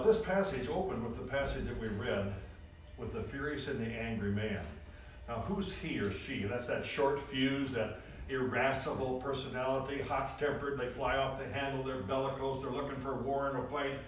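A man preaching a sermon to a congregation, folksy and animated, repeating phrases for emphasis. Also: mid-range voice, normal speed, a little hiss or hum. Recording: roomy echo, distant from the mic.

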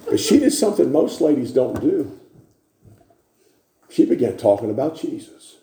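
Shouting preacher in an echoey church. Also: male voice, mid-range voice, sing-song, normal speed, noisy background. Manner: builds to repeated shouting refrains. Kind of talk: sermon.

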